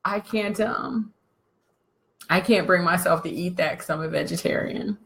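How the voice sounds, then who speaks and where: Woman doing a helpless male contestant, whining, dramatic, a bit high. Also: normal speed, close to an everyday voice. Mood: whiny. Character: whiny male vegetarian reality-show contestant, dramatic.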